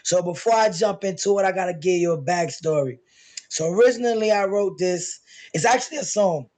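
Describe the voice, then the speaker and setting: Hoarse high-voiced man, hyped guest poet. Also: brisk, darkish tone. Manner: hyped, chatty, slangy storytelling. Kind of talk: casual chat before a performance.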